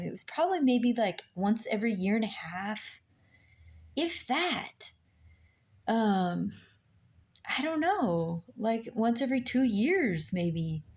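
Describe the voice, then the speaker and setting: Woman telling her story real slow, lots of ums and pauses, laptop mic. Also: fairly high pitch, a little mellow. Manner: hesitant, many pauses and fillers. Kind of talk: personal testimony, slow and halting. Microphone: laptop mic on her lap.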